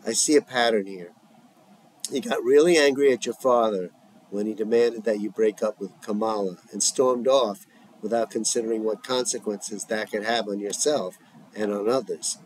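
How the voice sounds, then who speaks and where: A man voicing a calm, probing male therapist as he reads a script aloud in a measured, questioning way. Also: fairly low pitch, slight background noise, lightly acted, poor audio.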